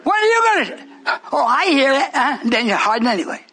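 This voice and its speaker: A man's voice: extremely high pitch, sing-song, a little fast, bright, forceful tone, a faint crowd. A man preaching a sermon to a live congregation, teasing and questioning them in call-and-response. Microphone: broadcast on shortwave radio.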